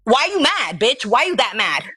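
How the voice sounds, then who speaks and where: A woman's voice: on the high side, very animated, a little fast, bright, forceful tone, slightly rough. A woman in a heated live argument, confrontational and taunting with constant swearing. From Georgia, US. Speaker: live stream participant.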